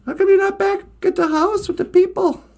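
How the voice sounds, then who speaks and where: A woman's voice: extremely high pitch, steady tone, brisk, warm tone, pitched above the performer's own voice. A woman voicing a sly male fox who steals eggs and talks in a cocky, teasing way. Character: sly male fox, boastful egg thief.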